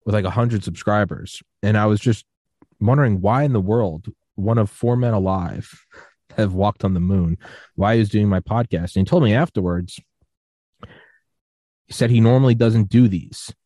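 A man in his twenties hosting a podcast interview, telling rambling stories and quoting others in lively voices. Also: on the low side, moderate pace, dry recording, studio quality. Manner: rambling storyteller, quotes others in animated voices. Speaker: podcast host. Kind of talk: casual interview chat.

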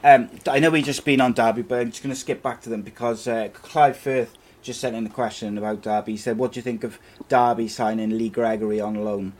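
A man's voice: medium pitch, fairly even intonation, a little fast, few pauses, a little mellow. A man hosting a live football chat show, chatting with his co-host and reading out viewer questions.

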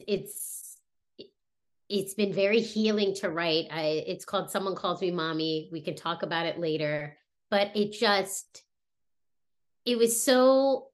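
A woman in her thirties talking casually and reflectively about her family, pausing often with fillers and restarts. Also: medium pitch, a bit bright. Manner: halting, many fillers and restarts. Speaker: guest sharing a personal story.

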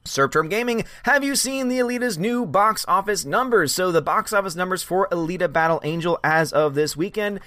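A man's voice: high voice, animated, fairly quick, hardly any pauses, bright, forceful tone, no room sound. A man hosting a live stream in casual chat, animatedly greeting viewers by name and answering their comments. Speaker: livestream host.

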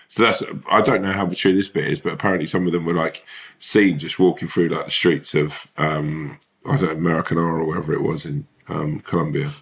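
A man's voice: a bass voice, steady tone, fairly quick, vocal fry, fairly bright tone. A young man, an actor and podcast co-host, rambling casually with lots of fillers and swearing. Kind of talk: casual chat.

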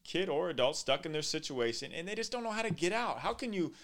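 A man's voice: on the high side, sing-song, fast talker, a bit bright. A man hosting a podcast, enthusiastic and full of hype, calling his guest dude and brother. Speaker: podcast host. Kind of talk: casual interview.

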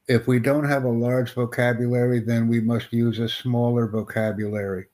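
Man, live stream host, interview coach, slow deliberate delivery, stern and corrective. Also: medium pitch, level tone, a little mellow.

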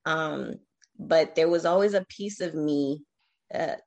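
A woman in her forties telling her personal story as an interview guest, reflective and emotional, pausing often with fillers. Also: low-pitched, vocal fry. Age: 40s.

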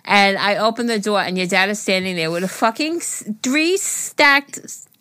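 A woman's voice: mid-range voice, moderate pace, dry recording, studio quality. A woman co-hosting a podcast, chatting casually and acting out quotes as she tells stories, swearing freely. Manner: animated storyteller, swears freely, acts out quotes. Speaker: podcast co-host. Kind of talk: casual chat.

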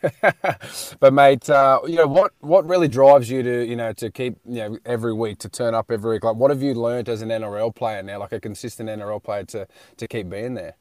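A man's voice: mid-range voice, steady tone, brisk, no echo, studio quality. An Australian man co-hosting a sports radio show from his car, chatty and matey, with frequent laughs. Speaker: co-host and player. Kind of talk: casual radio chat.

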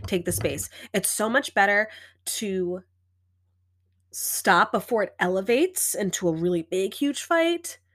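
A young woman hosts a podcast, speaking in a relaxed, conversational way. Her voice sits at a middling pitch, and she keeps checking in with the listener as she goes. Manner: conversational, lots of "right?" and "like". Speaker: podcast host. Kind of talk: casual advice monologue.

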